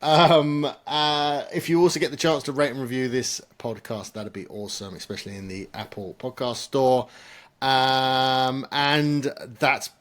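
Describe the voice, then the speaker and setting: A man's voice: medium pitch, a little slow. A man hosting a podcast, chatting casually with plenty of ums and a self-deprecating humor. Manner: relaxed, self-deprecating, frequent ums and uhs. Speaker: podcast host.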